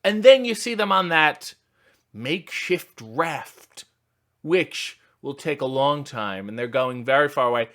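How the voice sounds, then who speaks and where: Sarcastic man with a bright, sharp voice. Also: fairly high pitch, unhurried. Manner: sarcastic, mocking, deadpan asides. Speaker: host reacting to a movie trailer. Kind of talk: comedic trailer commentary.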